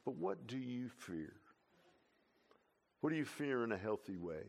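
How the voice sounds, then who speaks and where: An older man with a drawl delivers a sermon in an animated, folksy manner. His voice sits at an ordinary pitch. He swings between hushed, confiding asides and sudden loud bursts, with a lot of "huh?" and "man" thrown in. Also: a little slow, gravelly. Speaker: pastor.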